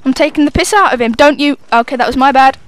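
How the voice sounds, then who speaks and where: A young female gamer talks quickly in a high voice as she commentates live, her banter full of swearing and self-mockery.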